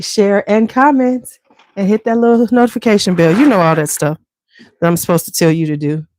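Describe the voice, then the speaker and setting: A woman's voice: medium pitch, warm tone. A woman hosting a beauty channel, chatting casually and scattered with viewers and greeting them by name. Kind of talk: casual chat with live viewers.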